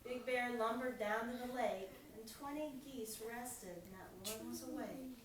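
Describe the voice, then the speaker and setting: Middle-aged woman, storytime reading, lively rhythmic delivery, asks the kids questions, echoey room, distant mic, faint noise. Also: on the high side, a little slow, a crowd in the background. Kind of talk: read-aloud storytime with children. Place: room with children.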